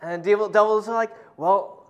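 Brief: male pastor, high voice, casual animated preaching with stories. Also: a little slow. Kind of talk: sermon.

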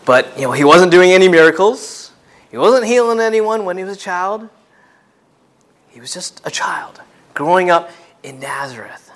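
A man preaching a sermon in an earnest way, often repeating and restarting words, swinging between loud and soft. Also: sits high, animated, normal speed, long pauses.

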